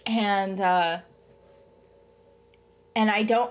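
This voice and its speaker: A woman's voice: fairly high pitch, lively intonation, normal speed. A young adult woman chatting casually to camera as a vlogger, rambling with lots of "um" and "like" and retelling things animatedly.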